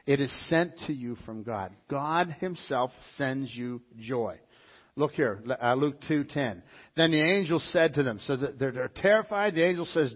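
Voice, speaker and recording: A man's voice: a little high, animated, normal speed, slightly rough, lo-fi sound. A man, a pastor, preaching a sermon in a conversational, emphatic way, often restarting his sentences.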